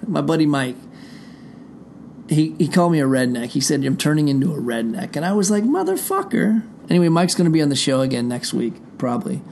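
Speaking a little fast in a medium-pitched, darkish voice, a middle-aged man hosts his show from inside a room with the door shut. He addresses listeners head-on, wandering off on profane tangents, with faint background noise present.

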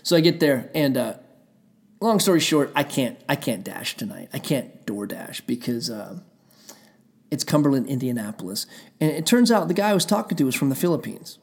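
A man's voice: medium pitch, big pitch swings, moderate pace, gravelly, husky. A man telling a heated, rambling story in a casual rant, swearing often and circling back on himself. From Pennsylvania.

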